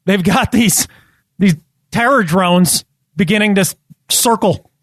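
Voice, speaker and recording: A man's voice: sits high, a little slow, fairly bright tone, no echo. A man co-hosting a podcast in casual chat, riffing sarcastically and slipping into mock voices. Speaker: podcast co-host.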